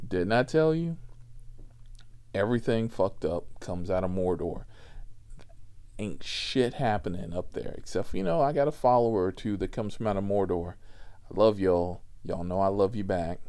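A man telling a comic story on his podcast, profane and animated with a drawling delivery. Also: mid-range voice.

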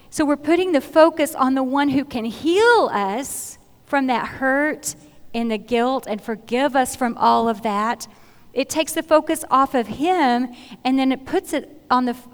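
A woman's voice: sits high, unhurried, clean tone. A middle-aged woman giving an earnest, conversational Bible talk in a church, often repeating phrases as she searches for words. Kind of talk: sermon-style Bible teaching. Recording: long hall reverb.

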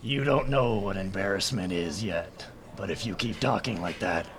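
A man playing a huge, cocky retired fighter in a tabletop game, talking in a gravelly voice close to his own. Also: low-pitched, moderate pace, crowd noise, voice pushed down. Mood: menacing. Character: towering ten-foot retired veteran fighter, cocky.

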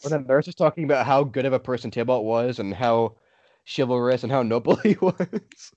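A man's voice: mid-range voice, fairly quick, a little mellow, no room sound. Young guy podcaster, dry offhand takes, dead dry room, dull muffled audio. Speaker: podcast co-host. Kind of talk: casual chat.

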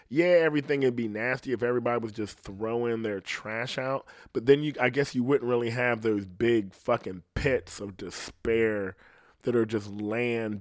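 A man's voice: mid-range voice, dry recording. A man ranting in a casual, profane monologue, rambling and often asking "you know what I mean", on a close mic in a small room. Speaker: podcast host.

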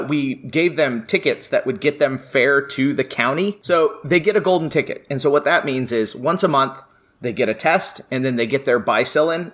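A middle-aged man talks as a podcast guest, a chatty professor who tells stories and often breaks into laughter. His voice sits at an ordinary, middle pitch. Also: fairly bright tone. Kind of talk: casual podcast chat.

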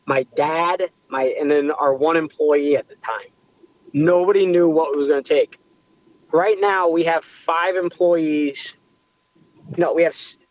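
A young adult man, a pizzeria owner, telling his story in a casual interview, animated and rambling with restarts. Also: on the high side, highs cut off. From United States.

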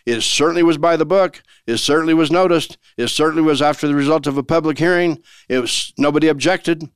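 Man with a smooth, clear voice. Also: on the high side, fast talker, no echo, clean studio sound. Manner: chatty, asks rhetorical questions and chuckles. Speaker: host explaining law. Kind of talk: casual legal commentary.

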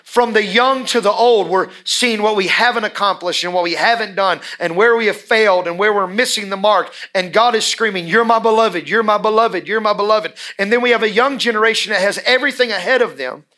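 A man with a high, bright voice delivers an emphatic sermon in church. He presses his points by repeating phrases over and over, preaching with conviction. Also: brisk, hardly any pauses. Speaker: pastor.

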